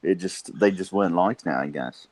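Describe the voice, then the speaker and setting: A man's voice: sits low, fairly quick, no room sound. A man from England, a guest telling stories in casual chat, swearing freely and laughing as he talks. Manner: profane, animated, laughs through stories.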